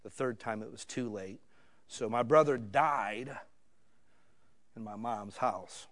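Speaking slowly in a mid-range voice, a middle-aged American pastor tells a personal story from the pulpit. His sermon stays conversational but swings from soft side remarks to loud, impassioned stretches.

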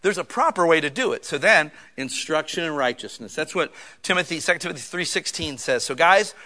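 A middle-aged man preaching a sermon in an animated, folksy way, walking through Bible history and telling a story with sudden shouts. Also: fairly high pitch, brisk. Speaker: pastor.

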